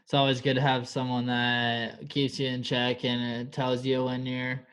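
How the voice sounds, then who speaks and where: A man hosting an interview podcast and asking questions in a relaxed, casual way, with plenty of "like" and "totally". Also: mid-range voice, a little slow, smooth. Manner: laid-back, filler-heavy talk with lots of "like" and "totally". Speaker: podcast host.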